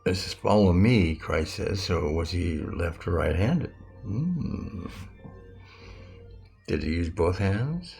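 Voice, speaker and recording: A man in his seventies giving a rambling, halting spiritual lesson, often correcting himself. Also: low voice, animated, vocal fry, darkish tone, breathy edge, faint music behind. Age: 70s. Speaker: self-styled metaphysics teacher.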